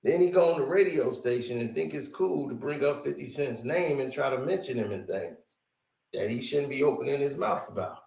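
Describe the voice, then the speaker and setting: A man's voice: medium pitch, lively intonation, fairly quick, gravelly, a little mellow. A man giving casual commentary, explaining and asking rhetorical questions. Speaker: commentary streamer.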